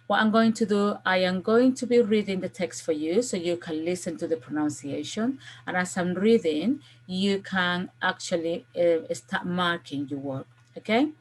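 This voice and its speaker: Lowish-voiced woman teaching a video lesson. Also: normal speed, few pauses. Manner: patient, checks in with frequent "okay?"; gives step-by-step classroom instructions. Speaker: language teacher.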